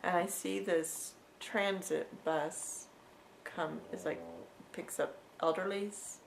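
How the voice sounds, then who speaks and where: A woman's voice: on the low side, steady tone, takes it slowly, gravelly, a little hiss or hum, rough recording. A woman vlogger telling a personal story in a conversational, repetitive way, with frequent asides to the viewer.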